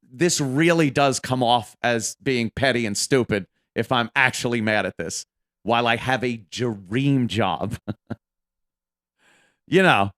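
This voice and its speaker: In a mid-range, fairly bright voice, a man in his fifties who co-hosts radio talks casually about his career. He rambles, swears, and puts himself down along the way.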